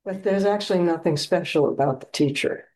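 A woman's voice: fairly low pitch, fairly quick, darkish tone, poor audio. A woman who teaches meditation, giving a dharma talk with playful storytelling in which she acts out scenes.

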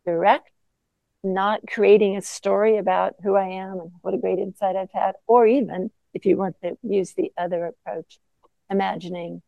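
A woman teaching as a Zen teacher in a reflective dharma talk, mostly soft-spoken with sudden emphatic bursts. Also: medium pitch, fairly even intonation, normal speed, vocal fry, dry recording, phone-quality sound.

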